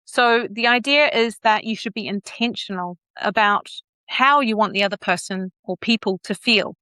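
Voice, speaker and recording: A middle-aged woman with a New Zealand accent, a communications coach speaking as a podcast guest and playing with her pitch and pace to show what a voice can do. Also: moderate pace, smooth, no echo. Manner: animated, plays with pitch and pace to demonstrate. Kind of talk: podcast interview.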